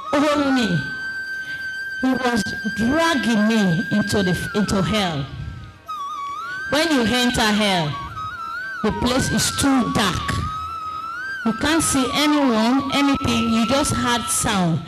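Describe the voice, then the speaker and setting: Over background music, a woman with a voice on the high side delivers an emotional, impassioned testimony, crying out and shouting at times. The recording is low quality.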